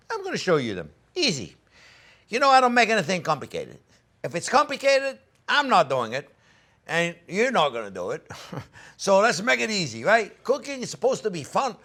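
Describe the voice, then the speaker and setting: Lively, high-voiced older chef. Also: male voice. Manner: enthusiastic, coaxing, talks straight to viewers as friends. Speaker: chef and cooking show host. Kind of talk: cooking demonstration.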